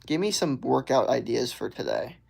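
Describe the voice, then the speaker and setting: A young man streaming live, reading out viewer comments in a relaxed, drawling way, often saying "bro" and "hell yeah.". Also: medium pitch, normal speed, vocal fry, slightly rough. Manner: laid-back, drawling, says "bro" and "hell yeah" a lot. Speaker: livestreamer. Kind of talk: casual livestream chat reading viewer comments.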